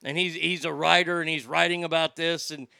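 Gravelly, bright-voiced man ranting on stage. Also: fairly high pitch, level tone, a little fast, dry recording. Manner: profane, rambling rant. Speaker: comedian. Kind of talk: stand-up comedy.

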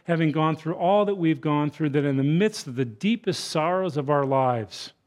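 Man, sermon, fairly high voice, hushed and tender at times, then bellowing, acts out quoted voices. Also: lively intonation, normal speed. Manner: swings from soft, hushed consolation to loud, bellowing emphasis. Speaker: guest preacher. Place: church sanctuary.

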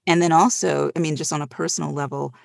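A middle-aged audiobook narrator talking casually on a panel, telling animated stories with frequent laughs. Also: mid-range voice, fast, creaky, no echo, clean studio sound.

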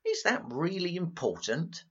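An actor playing a jolly, easily flustered host chairing a studio panel. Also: male voice, on the high side, unhurried, husky, dull audio, exaggerated voice. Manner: jolly, flustered, lively intonation. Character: genial male radio host chairing a panel.

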